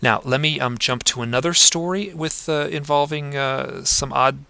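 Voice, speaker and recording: A man guesting on a podcast, telling personal stories in an earnest, reflective way, pausing often with fillers. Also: mid-range voice, steady tone, vocal fry, bright, forceful tone, smooth, no room sound. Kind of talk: conversational storytelling. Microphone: home desk microphone.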